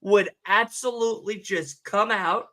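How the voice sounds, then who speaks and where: A young man co-hosting a livestream, telling a story in animated casual chat and swearing often. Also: high voice, unhurried. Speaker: livestream co-host.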